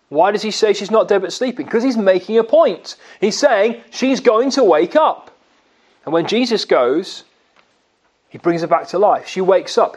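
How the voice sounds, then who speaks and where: A man preaching a sermon, asking his listeners questions and answering them himself, and slowing down to stress key words. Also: high-pitched. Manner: slow, emphatic delivery on key words.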